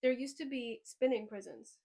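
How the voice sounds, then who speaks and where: A woman hosting a podcast in casual chat, rambling and excitable, often trailing off mid-sentence. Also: a little high, moderate pace. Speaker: podcast host.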